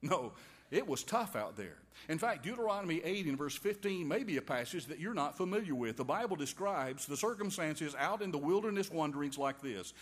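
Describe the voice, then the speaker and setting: A man's voice: on the high side, slightly rough. A man preaching a sermon in a folksy, wry way, with homey quips and asides to his listeners. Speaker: pastor. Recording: long reverb of a large hall.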